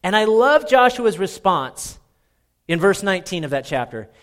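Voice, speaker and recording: A man from Minnesota preaching a sermon in a slightly high voice. He talks in a conversational, animated way and jokes at his own expense. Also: normal speed. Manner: conversational, animated, self-deprecating. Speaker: pastor.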